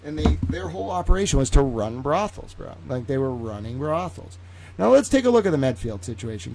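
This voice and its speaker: A man hosting a casual livestream, talking in an excitable, rambling, profane way. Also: medium pitch, moderate pace, vocal fry. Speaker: livestream host.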